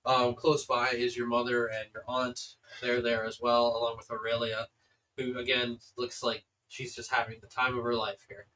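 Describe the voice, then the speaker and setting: A man's voice: mid-range voice, flat delivery, normal speed, sharp tone, recorded from a distance, slight background noise, poor audio. A man narrating as game master of a tabletop game, rambling with many fillers.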